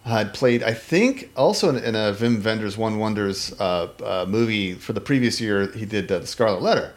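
A man's voice: lowish voice, normal speed. A man talking casually about a film on a podcast, rambling with many restarts and acting out lines in voices. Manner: animated, rambling, many restarts and fillers, acts out quotes. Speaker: podcast co-host.

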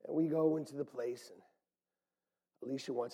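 A man preaching a sermon as pastor, animated and swinging from loud calls to hushed near-whispers. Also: a little high, fairly quick, breathy edge, big-room sound.

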